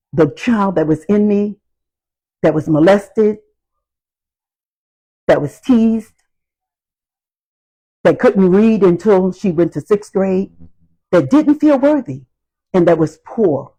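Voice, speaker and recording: A woman giving a motivational talk on healing, speaking in slow, emphatic, repetitive phrases. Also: mid-range voice, lively intonation, dark tone, rough recording.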